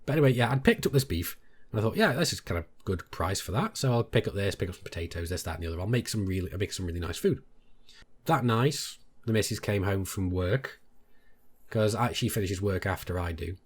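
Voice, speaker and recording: A British man, a gaming YouTuber, telling a story to his viewers in a casual, animated way. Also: brisk, breathy edge. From Britain. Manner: animated, jumps much higher when quoting others.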